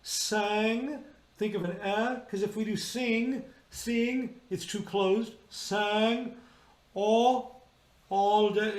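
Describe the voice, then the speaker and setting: High-voiced man coaching choir diction. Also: reverberant. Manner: demonstrative, modeling vowel and consonant sounds aloud. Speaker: choir director. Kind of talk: rehearsal teaching on singing diction. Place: indoors, remote rehearsal video.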